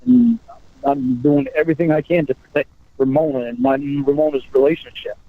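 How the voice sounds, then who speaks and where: A man on a phone call, talking in halting bursts and repeating his words as he restarts. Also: fairly high pitch, dry recording. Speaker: caller on a recorded phone call. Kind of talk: casual phone conversation. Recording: tinny phone line.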